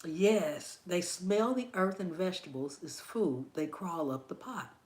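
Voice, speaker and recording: A woman hosting a gardening channel, telling a story in casual chat with viewers, animated and quick to laugh and exclaim. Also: fairly low pitch, echoey room.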